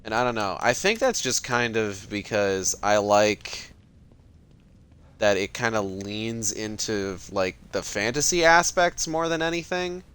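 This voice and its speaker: A man's voice: on the low side, expressive, unhurried, a bit bright, clear, resonant tone. A man casually talking while playing a video game, rambling with lots of fillers and cursing freely. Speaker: gaming streamer. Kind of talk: casual let's-play commentary.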